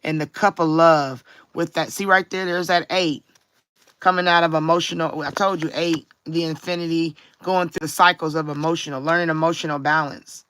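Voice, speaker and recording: Bright-voiced woman giving a spiritual reading. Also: low voice, steady tone. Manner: reflective, drawn-out emphasis, frequent "you know what I'm saying". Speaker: tarot card reader. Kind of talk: live-streamed spiritual card reading.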